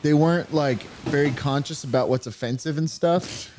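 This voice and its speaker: A young man co-hosting a casual chat over a video game, telling stories with lively flair. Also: on the high side, moderate pace, a little hiss or hum. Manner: animated storyteller, acts out voices in bursts. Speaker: co-host. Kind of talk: casual chat while gaming.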